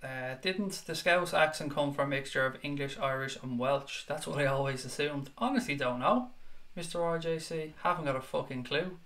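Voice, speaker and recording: A man's voice: a little high, normal speed, a bit bright. Blunt, sweary male livestream host. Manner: blunt and sweary, reading chat comments aloud. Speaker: livestream chat show host. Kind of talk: casual live chat with viewers.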